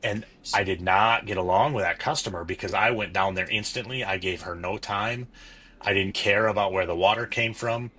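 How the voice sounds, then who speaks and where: A man's voice: on the low side, normal speed, bright, forceful tone. A man, a business owner guesting on a podcast, telling candid stories about his work. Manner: candid, storytelling, self-critical. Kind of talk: casual conversational interview.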